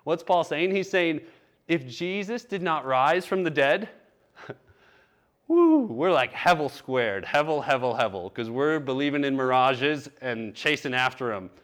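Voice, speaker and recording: A man's voice: medium pitch, a little slow, fairly bright tone. A man preaching a sermon, telling a candid personal story in a conversational way. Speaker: pastor.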